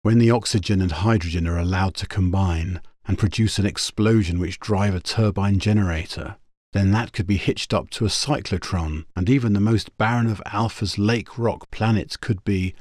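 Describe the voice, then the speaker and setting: A man playing a tough young space hero, talking in brisk questions. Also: fairly low pitch, darkish tone, no room sound, clean studio sound, lightly acted. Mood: alert.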